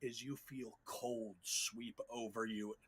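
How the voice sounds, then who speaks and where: Slow, dramatic game master narrating. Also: male voice, mid-range voice, fairly even intonation, fairly bright tone, slightly rough. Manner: dramatic, measured storytelling.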